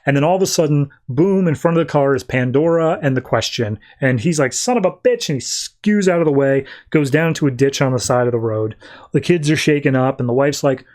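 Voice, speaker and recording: A man's voice: medium pitch, fairly quick, darkish tone. A man hosting a podcast, casually retelling a comic's story and acting out the characters' lines along the way. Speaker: podcast host.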